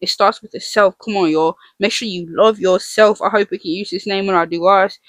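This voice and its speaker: A woman's voice: medium pitch, fairly even intonation, a little fast, no room sound. Earnest woman repeating her points. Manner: earnest, emphatic, repeats phrases for emphasis; asks the listener rhetorical questions. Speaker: vlogger teaching about the names of God. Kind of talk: casual faith talk to viewers.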